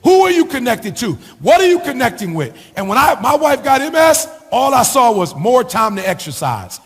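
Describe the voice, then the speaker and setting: A man's voice: very high-pitched, very animated, moderate pace, breathy edge, faint music behind. A middle-aged man giving a motivational speech, preaching with a sing-song rhythm and piling up rhetorical questions. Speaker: motivational speaker. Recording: long hall reverb.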